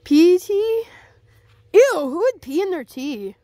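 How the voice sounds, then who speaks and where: Woman as young dog owner, high, unhurried, rambling and puzzled; fan plush video, faint noise. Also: sing-song, dark tone, no room sound, clean studio sound, heavily acted. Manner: chatty, puzzled guessing, rambling.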